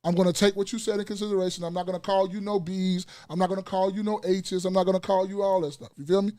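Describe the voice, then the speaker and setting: A man's voice: sits high, steady tone, quick pace, dark tone. A middle-aged man as a podcast guest in casual chat, blunt and profane, telling stories animatedly.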